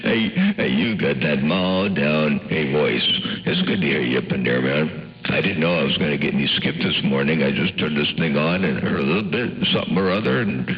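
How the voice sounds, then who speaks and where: Very deep-voiced folksy male radio operator. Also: moderate pace, muffled recording. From US West Coast. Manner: folksy, drawling, radio lingo. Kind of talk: casual CB radio chat.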